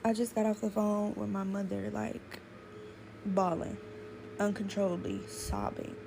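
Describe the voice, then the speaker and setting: A woman's voice: mid-range voice, fairly even intonation, unhurried, creaky, a crowd in the background. A woman speaking in an earnest, pleading monologue while holding back tears. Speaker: vlogger.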